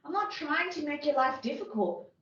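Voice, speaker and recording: A woman's voice: sits high, expressive, moderate pace, fairly bright tone. A woman playing a defensive agile team lead who explains her team's methods firmly, in an amateur workplace role-play over a video call. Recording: very echoey, distant mic, dull lo-fi sound.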